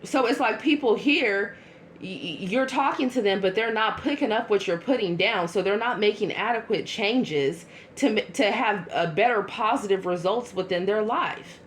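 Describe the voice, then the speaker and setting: A woman giving a casual tarot reading to her viewers, chatty and blunt, with quick asides. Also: medium pitch, slight background noise. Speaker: tarot reader.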